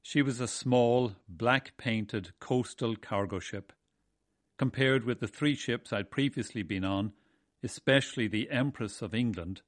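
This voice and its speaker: A man from Ireland, narrating a memoir of his seafaring days in a measured, wry way. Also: on the low side, no room sound, clean studio sound. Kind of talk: first-person storytelling.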